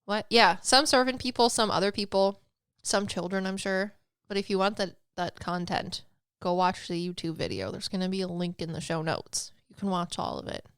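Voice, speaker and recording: A woman co-hosts a chatty podcast with a smooth, clear voice. She is playful and teasing and laughs often. The sound is dry and close, with no room around her. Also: medium pitch, expressive, normal speed, few pauses, no room sound. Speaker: podcast co-host. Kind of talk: casual chat.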